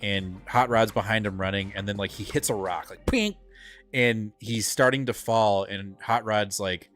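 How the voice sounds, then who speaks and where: A man with a lowish voice rambles excitedly through a casual live-stream chat. He co-hosts a comic book show and drops filler words and casual swearing as he goes. Faint music plays behind him. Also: normal speed.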